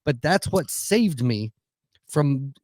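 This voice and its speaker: A man's voice: on the high side, animated, slow pace, darkish tone, no room sound, clean studio sound. A man co-hosting a podcast in casual chat, swearing freely in loose banter. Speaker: podcast co-host.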